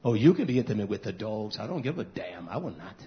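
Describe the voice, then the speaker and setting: A man preaching a fiery, scolding sermon, swinging between shouted lines and hushed ones. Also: lowish voice, very animated, quick pace. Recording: dull lo-fi recording.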